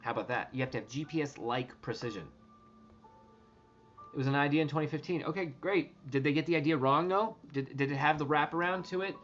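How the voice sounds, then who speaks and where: Vlogger, male, slightly high voice, rambling and excitable, dull lo-fi sound. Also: a little fast, soft background music. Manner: rambling, excitable, swears, many restarts. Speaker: treasure hunt vlogger. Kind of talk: casual talk to viewers.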